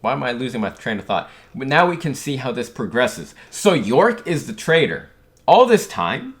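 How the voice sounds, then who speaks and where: A young man hosting a manga reaction, muttering through the pages and breaking into loud, surprised exclamations. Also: medium pitch, sing-song, moderate pace. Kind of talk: reading aloud and reacting.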